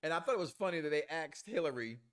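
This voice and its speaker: A man co-hosting a casual review show, loud and playful, crude jokes, acting out the characters as he recaps. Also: on the high side, expressive, quick pace.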